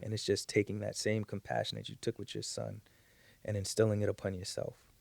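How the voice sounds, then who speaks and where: Podcast guest, male, low gravelly voice, flat delivery, earnest and reflective. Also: fairly quick, dry recording. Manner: earnest and reflective, repeats words as he gathers thoughts. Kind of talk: casual heartfelt conversation.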